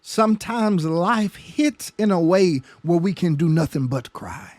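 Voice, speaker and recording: A man's voice: sits high, measured pace, darkish tone, no room sound. A man pastor teaching a Bible study sermon, emphatic, often repeating words as his passion builds. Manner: emphatic, stammering repetitions, rising passion.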